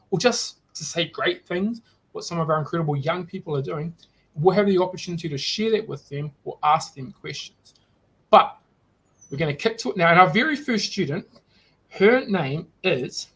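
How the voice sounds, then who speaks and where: A man's voice: high voice, a bit bright, husky, rough recording. A man hosting a live online student market, upbeat and rambling with frequent restarts.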